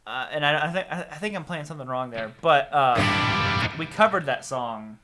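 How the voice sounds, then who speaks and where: A man chats casually through a late-night guitar live stream, rambling and poking fun at himself as he answers viewer comments. His voice sits a little high and moves up and down a lot. Loud guitar playing runs behind him the whole time. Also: expressive, moderate pace. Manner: rambling and self-deprecating, reading out viewer comments. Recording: loud guitar music over the voice.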